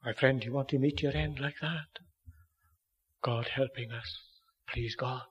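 A man preaching a sermon with earnest pleading, swinging from loud declarations down to hushed near-whispers. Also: medium pitch, fairly even intonation, a little slow, slightly rough, muffled recording.

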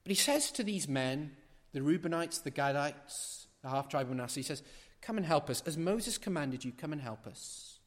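A man preaching a sermon in a large church, building to loud emphatic peaks with rhetorical questions and repetition, then dropping to quiet asides. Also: a little high, animated, normal speed, long reverb tail.

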